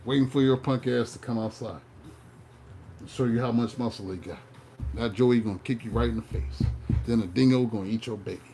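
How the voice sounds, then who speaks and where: A man's voice: mid-range voice, brisk, dark tone, slight background noise. A man doing a tarot reading who drifts into a profane, joking rant in a loose, digressive storytelling way. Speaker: tarot reader. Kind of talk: casual comic rant then tarot reading.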